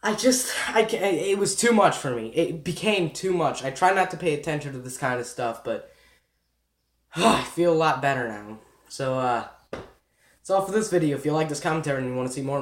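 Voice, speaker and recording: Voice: mid-range voice, normal speed. A young YouTube commentator ranting in an exasperated, sarcastic and rambling way, often restarting sentences. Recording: echoey room.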